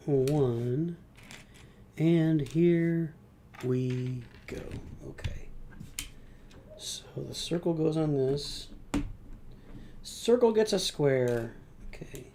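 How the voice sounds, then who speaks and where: A middle-aged man chats casually on a live stream at an unhurried, rambling pace, sometimes talking about himself in the third person. Soft clicks and a faint hiss sit behind his voice. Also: fairly high pitch. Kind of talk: casual live-stream chat while building.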